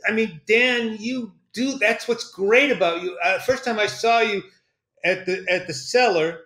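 A man's voice: high voice, unhurried, bright, forceful tone. An older man hosting a podcast, talking with enthusiasm and many stumbling restarts in casual interview chat. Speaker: podcast host. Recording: roomy echo.

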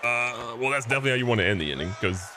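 A young man casually commentating his own baseball video game, excitable and joking, swinging between hype and mock despair. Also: mid-range voice, racing, background noise. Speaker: gaming channel host. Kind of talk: live gameplay commentary.

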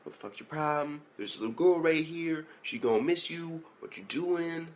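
A hot-tempered young man who scolds bluntly and swears freely, as a reviewer acts him out. His voice sits a little higher than the reviewer's usual talk. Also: normal speed, close to an everyday voice. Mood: scolding. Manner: blunt, profane.

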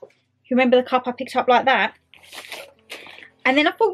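Chatty high-voiced British woman. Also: a little fast, pauses often, a little hiss or hum. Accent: British English. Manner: chatty and excitable, talks to viewers and to the clothes. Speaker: vlogger. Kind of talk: casual try-on haul chat.

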